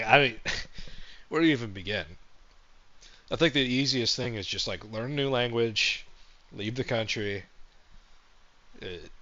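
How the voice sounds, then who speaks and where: A man hosting a livestream, rambling through a comedic monologue with sarcastic, deadpan jokes. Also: lowish voice, highs cut off. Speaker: streamer host.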